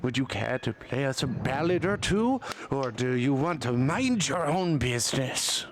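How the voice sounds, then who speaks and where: A man's voice: mid-range voice, lively intonation, measured pace, background noise, natural voice. A man voicing a tiny, confrontational male golem shopkeeper who mumbles and is hard to understand. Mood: blustery. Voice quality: mumbling, garbled speech. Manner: menacing and blustery.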